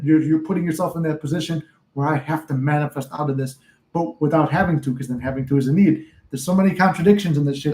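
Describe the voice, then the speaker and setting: A man's voice: fairly high pitch, a little mellow, rough recording. A young man, a manifestation coach, chatting casually and profanely on a live stream from his home office, rambling and laughing often.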